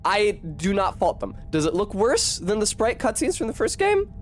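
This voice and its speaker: Young guy streaming a game, kinda high voice, rambly and sweary. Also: wildly swooping pitch, normal speed, soft background music. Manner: chatty, swears, rambling self-corrections. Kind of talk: casual gameplay commentary.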